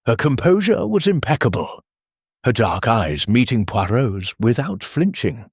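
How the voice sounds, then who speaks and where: A man narrating a mystery audiobook in a measured storytelling manner. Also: medium pitch, sing-song, husky, no room sound, clean studio sound.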